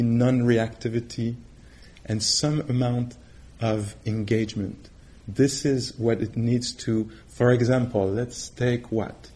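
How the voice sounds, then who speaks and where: Male meditation teacher, middle-aged, mid-pitched, casual talk with quick laughs and acted-out quotes. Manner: warm, conversational, laughs often, acts out quoted voices. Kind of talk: dharma talk.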